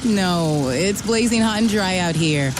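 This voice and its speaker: A woman's voice: fairly low pitch, lively intonation, unhurried. A woman playing a young wife who scolds her partner in a radio ad. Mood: scolding. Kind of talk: radio ad acting. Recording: distant voice over noise.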